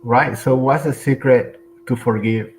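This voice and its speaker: A man hosting an interview, talking in a halting way, often restarting and searching for words. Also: mid-range voice, steady tone, a little mellow, slight background noise, rough recording. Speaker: interview host. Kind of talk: casual interview.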